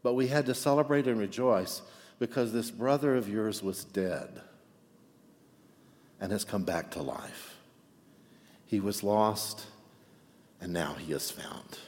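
A man preaching voices a loving father speaking slowly and tenderly, in a sermon retelling. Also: lowish voice, big-room sound, a little hiss or hum. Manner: gentle, slow, tender. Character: loving, pleading older father.

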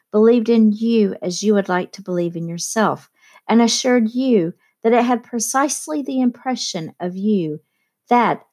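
A woman narrates a novel aloud at a steady, measured pace. Her voice sits at an ordinary pitch for a woman. It is a plain audiobook reading. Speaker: audiobook reader.

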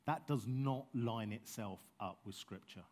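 A man's voice: medium pitch, a little slow, a little mellow. Passionate conversational male preacher. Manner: passionate, conversational, self-aware asides. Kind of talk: sermon.

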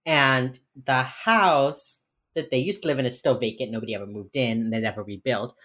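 A woman with an unusually low-pitched voice chats casually as a podcast co-host. She rambles with lots of fillers, swears freely and slips into acted-out quotes. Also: normal speed, fairly bright tone. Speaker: podcast co-host recapping a TV episode. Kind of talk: casual chat.

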